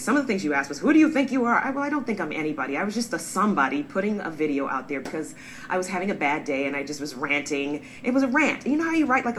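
Low-voiced woman answering critics on camera. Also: a little hiss or hum, low-quality recording. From born in England, raised in the US. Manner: earnest, defensive, animated emphasis. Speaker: vlogger, pediatrician. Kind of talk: direct-to-camera response video.

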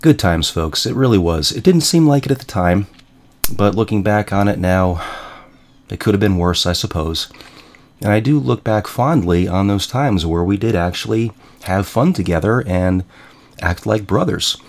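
This host speaks in a lowish, expressive voice at a moderate pace. His casual monologue is full of wry family stories, punctuated by the odd chuckle and a self-deprecating streak.

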